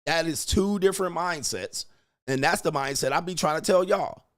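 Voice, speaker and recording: A man's voice: moderate pace, a bit bright, smooth. Blunt, emphatic man coaching on dating. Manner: blunt, emphatic, swears freely; acts out quoted lines with rising pitch. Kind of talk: casual monologue.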